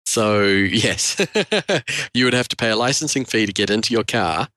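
A man's voice: lowish voice, normal speed, pushed and bright, dry recording. A man co-hosting a casual tech podcast, joking wryly and laughing often. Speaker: podcast co-host.

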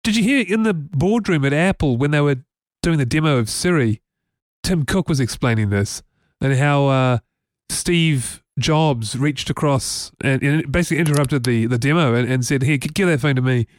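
A man's voice: medium pitch, lively intonation, moderate pace, no room sound. A man from New Zealand co-hosting a casual tech podcast, chatty and rambling with many fillers. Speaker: podcast co-host.

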